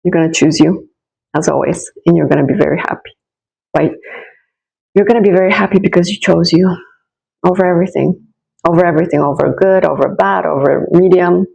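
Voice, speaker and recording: Encouraging woman with vocal fry. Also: lowish voice, fairly even intonation, a little fast, pauses often, rough recording. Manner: warm, encouraging, talks straight to the listener; rambling with frequent restarts and asides. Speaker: tarot reader. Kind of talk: casual tarot reading spoken to the viewer.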